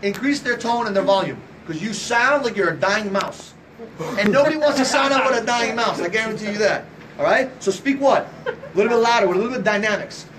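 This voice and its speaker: A high-pitched man coaching a room of salespeople, talking fast, loud and passionate, swearing freely and peppering the group with rhetorical questions. He sounds a bit far from the mic, with a faint hiss behind him. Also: expressive. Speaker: sales trainer. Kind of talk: motivational sales talk to a group.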